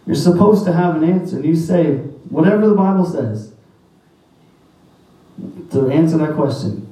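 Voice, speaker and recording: A pastor preaches a sermon in a warm, slightly high voice, going a little slow with long pauses. He is emphatic and quotes scripture in old-fashioned wording. The mic sits at a distance in a very echoey church sanctuary.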